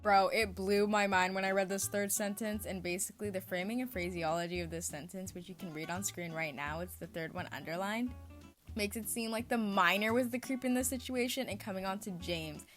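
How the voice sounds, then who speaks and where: A woman's voice: medium pitch, a little fast, faint music behind. A young woman narrating a scripted commentary video, indignant when calling someone out, rambling and stuttering in the outro. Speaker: commentary YouTuber.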